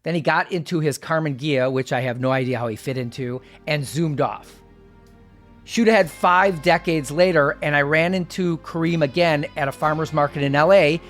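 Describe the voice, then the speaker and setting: Fifties host guy from milwaukee, dry joking story and sign-off, voice on the higher side. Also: moderate pace, faint music behind. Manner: wry, deadpan jokey delivery. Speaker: podcast host. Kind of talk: scripted podcast narration and outro.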